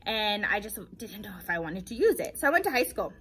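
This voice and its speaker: A young woman and teacher, telling her story casually in a vlog, animated and repeating phrases for emphasis. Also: medium pitch, fairly quick, breathy edge.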